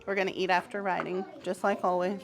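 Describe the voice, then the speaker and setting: A woman teaching preschoolers in a classroom, encouraging them with frequent praise and gentle teasing. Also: on the low side, little pitch movement, quick pace, vocal fry. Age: adult. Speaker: pre-K teacher. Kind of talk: classroom instruction to small children.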